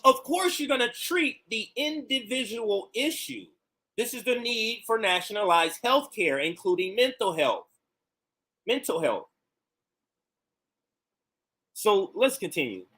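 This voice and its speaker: A man's voice: very high-pitched, sing-song, unhurried, pauses often, sharp tone. A man hosting a political livestream, reacting to clips and arguing with pointed rhetorical questions. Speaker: political commentary host.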